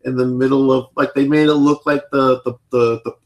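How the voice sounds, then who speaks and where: A man in his thirties chatting casually as a podcast host, rambling and filling pauses with "like" and "you know". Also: mid-range voice, flat delivery. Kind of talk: casual chat.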